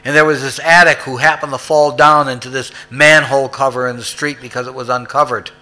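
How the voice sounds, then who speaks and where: A man's voice: medium pitch, fairly even intonation, a little fast. A man telling an emphatic story while sharing at a recovery meeting. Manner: emphatic, rising to loud peaks. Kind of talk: personal storytelling share.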